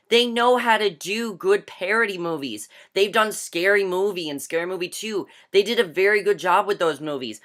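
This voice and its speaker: Young male reviewer with a bright, sharp voice, ranting with emphatic, exasperated delivery full of "like" fillers. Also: sits high. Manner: emphatic and exasperated, heavy use of "like". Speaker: movie reviewer. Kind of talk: casual ranting movie review.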